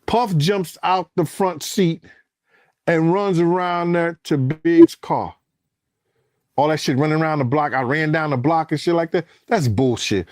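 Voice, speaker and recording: A man with a fairly high voice tells a story at a measured pace, recorded cleanly in a studio with no echo. His speech is casual and full of cursing, and he acts out the quoted voices, rising to shouts as the tension and his excitement build.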